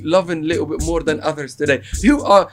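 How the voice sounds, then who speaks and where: A man hosting a lively chat show from a Dubai studio, playful and laughing with his co-host. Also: on the high side, fast talker, slight background noise. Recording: music playing behind.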